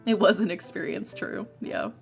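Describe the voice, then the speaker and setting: A young woman streamer chatting casually, telling a rambling, animated story with frequent restarts and laughs. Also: medium pitch, moderate pace, gravelly, soft background music. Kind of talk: casual storytelling while playing a game.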